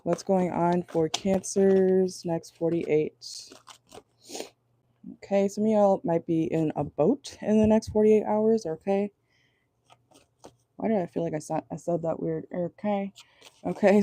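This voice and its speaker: A woman's voice: fairly low pitch, steady tone, measured pace, dark tone, no room sound. A woman giving a casual, chatty tarot reading to her viewers, blunt and crude, laughing often. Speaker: tarot reader.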